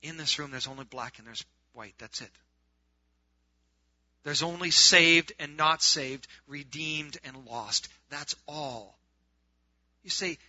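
A man preaching a sermon to a group, swinging from loud, urgent appeals to hushed, quiet stretches. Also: a little high, animated, measured pace, pauses often, dry recording, lo-fi sound.

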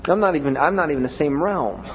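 A man's voice: fairly high pitch, fast talker, muffled recording, a little hiss or hum. A man preaching a sermon in a conversational way, often stumbling over repeated words, with self-deprecating humor.

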